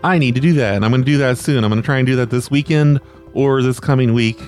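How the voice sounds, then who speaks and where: A man's voice: medium pitch, fast talker, a little mellow, faint music behind. A man hosting his own prank call show, talking loosely and with self-deprecation, often trailing off unsure. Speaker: podcast host and prank caller. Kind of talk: casual rambling monologue.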